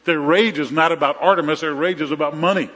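A man's voice: fairly high pitch, quick pace, fairly bright tone. A middle-aged man preaching a sermon as a pastor, conversational, often repeating his phrases and telling jokes. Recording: reverberant hall.

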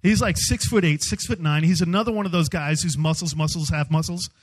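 A man speaking as a youth speaker, giving a humorous storytelling sermon in an animated, self-mocking way. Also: on the high side, a little fast, rough recording.

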